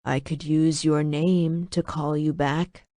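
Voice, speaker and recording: A woman voicing a commanding male dragon lord who speaks in a quiet, controlled way. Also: fairly low pitch, expressive, slow pace, dry recording, studio quality. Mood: silken. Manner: quiet, controlled, turns coaxing.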